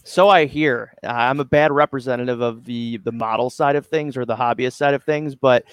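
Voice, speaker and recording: Relaxed modest male podcast guest. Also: mid-range voice, moderate pace, clear, resonant tone, dry recording. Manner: relaxed, modest, hesitant with fillers. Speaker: guest, company representative. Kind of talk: casual interview chat.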